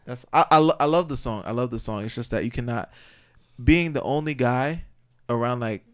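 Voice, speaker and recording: A man's voice: medium pitch, moderate pace, clean tone. A man co-hosting a casual chat, speaking in a laid-back way, laughing easily and trailing off mid-sentence. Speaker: co-host. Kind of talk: casual award predictions chat.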